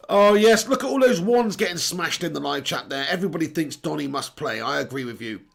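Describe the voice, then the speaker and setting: A man's voice: on the high side, animated, normal speed, gravelly. A young English man with a strep throat chatting bluntly on a football watch-along, reading out viewer comments. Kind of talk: live casual commentary reading chat.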